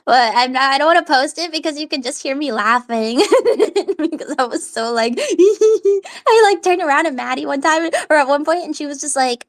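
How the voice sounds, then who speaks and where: Giggly high-voiced young woman. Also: lively intonation, moderate pace. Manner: giggly, laughs often, rambling storytelling. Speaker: social audio host. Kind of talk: casual chat.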